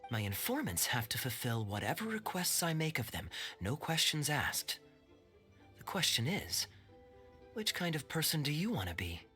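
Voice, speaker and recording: An actor voicing a sly, suave young knight in a video game, with a smooth, playful, teasing manner. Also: male voice, fairly high pitch, huge pitch swings, moderate pace, pushed and bright, soft background music, full character voice.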